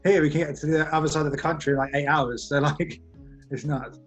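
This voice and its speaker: A young Englishman in his twenties answers interview questions at a brisk clip. His speech is loose and chatty, full of fillers and restarts. Faint music plays underneath. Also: a little high, steady tone. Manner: rambling, many "like" fillers, laughs easily. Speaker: guest magician. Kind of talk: casual podcast interview.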